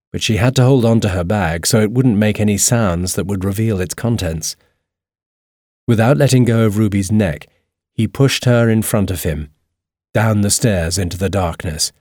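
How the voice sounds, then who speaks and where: A man narrating a storybook in a steady, even reading voice. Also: fairly low pitch, no echo, studio quality.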